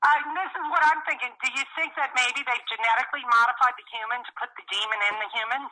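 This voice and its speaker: A woman's voice: fairly high pitch, fairly even intonation, quick pace, pushed and bright, poor audio. A woman being interviewed, telling a long story in an emphatic, rambling way full of restarts. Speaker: interview guest. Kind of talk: casual storytelling.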